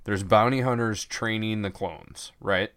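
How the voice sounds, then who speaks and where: A man's voice: on the low side, unhurried, fairly bright tone, clear, resonant tone, no echo. A man co-hosting a podcast, chatting casually, cursing freely and retelling scenes with acted-out lines. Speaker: podcast co-host. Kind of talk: casual chat.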